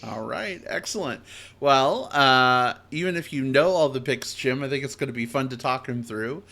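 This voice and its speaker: Male podcast host, bright and upbeat, casual chat with fillers. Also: mid-range voice, moderate pace.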